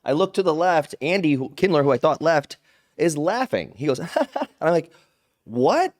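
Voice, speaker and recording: A man telling stories as an interview guest, animated and rambling, acting out other people's lines in his own voice. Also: fairly high pitch, normal speed, dry recording, clean studio sound. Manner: rambling with restarts and "like". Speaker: guest, pro wrestler. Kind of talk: casual interview storytelling.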